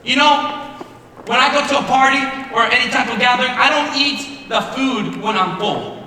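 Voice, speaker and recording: A young man, a youth pastor, preaching passionately to high school students, sometimes rising to a shout. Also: normal speed, a little hiss or hum. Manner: impassioned, rising to shouts at key points. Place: large echoey school hall. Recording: echoey hall recorded from far off.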